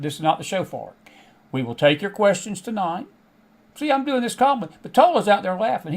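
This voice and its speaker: A middle-aged man with a Southern American twang hosts his show in a folksy, rambling way. His voice sits notably high for a man. He chats to his audience like old friends. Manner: folksy, chatty, frequent laughs and asides. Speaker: host. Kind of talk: casual monologue to a live online audience.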